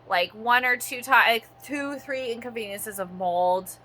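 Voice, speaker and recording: A woman's voice: mid-range voice, normal speed, sharp tone. A woman in her thirties from Canada, ranting in a vlog monologue, swearing often and rambling with lots of "like" fillers. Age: 30s. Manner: profane, rambling, frequent "like" fillers.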